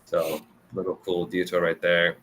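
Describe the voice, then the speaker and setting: A man casually recapping anime episodes for a review show, talking loosely with lots of fillers and quick laughs. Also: deep voice, completely flat delivery, fairly bright tone, slight background noise. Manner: loose and chatty, full of "like" and "kinda", laughs often.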